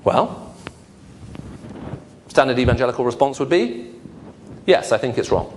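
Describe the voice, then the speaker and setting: A man's voice: mid-range voice, expressive, unhurried, slight background noise. A man giving a humorous lecture to an audience, asking rhetorical questions. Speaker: lecturer on apologetics. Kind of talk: lively lecture to a live audience.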